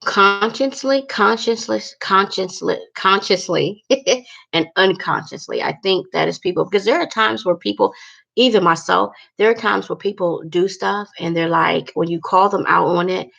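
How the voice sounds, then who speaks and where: A woman vents in a casual home vlog, blunt and candid, swearing freely between her fillers. Her voice sits a bit low and is heavily gravelly with vocal fry. The recording sounds dull and lo-fi. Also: normal speed, fairly bright tone. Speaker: vlogger. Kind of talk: casual talking-to-camera vlog.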